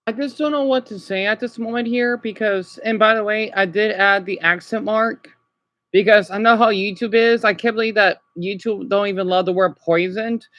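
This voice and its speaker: High, bright-voiced man, upset and halting. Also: steady tone, no echo. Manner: halting, repeats himself, frequent "okay?" tags. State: upset and exhausted. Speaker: vlogger livestreaming. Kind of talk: unscripted rambling livestream.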